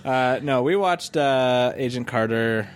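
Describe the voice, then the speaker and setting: A man's voice: mid-range voice, slow, clean tone. A man co-hosting a casual chat, joking dryly and laughing often. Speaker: podcast co-host.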